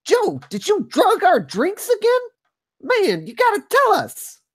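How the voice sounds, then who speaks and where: A woman's voice: very high voice, huge pitch swings, measured pace, exaggerated voice. A woman voicing a wisecracking young male convict who exclaims in surprise. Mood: startled.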